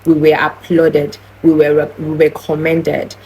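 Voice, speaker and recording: A woman's voice: deep voice, monotone, takes it slowly, warm tone, a little hiss or hum, poor audio. A young woman tells a personal story in an earnest, heated vlog style, often restarting her sentences. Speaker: vlogger.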